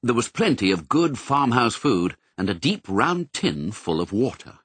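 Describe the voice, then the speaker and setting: Casting: male audiobook narrator, very lively pitch, slightly husky, dry close sound. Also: dry recording. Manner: expressive, measured storytelling.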